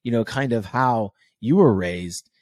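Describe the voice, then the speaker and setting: A man's voice: mid-range voice, a little slow, no echo, clean studio sound. A man hosting a casual podcast conversation, who jokes and swears freely as he talks. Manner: animated, joking, swears freely.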